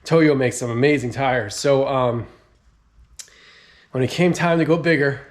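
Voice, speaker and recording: A man's voice: mid-range voice, measured pace. A young man with a mid-range voice, chatting casually on a camera mic as he moves around the car. He's hyped and easygoing and full of slang, like a car modding vlogger showing off new parts. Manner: enthusiastic, laid-back slang. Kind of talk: casual garage vlog.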